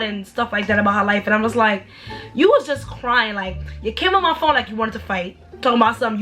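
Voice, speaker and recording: A young woman telling a storytime in a blunt, animated, slangy way, with sudden high exaggerated outbursts. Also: normal speed, faint music behind. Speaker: storytime vlogger. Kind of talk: casual storytime rant.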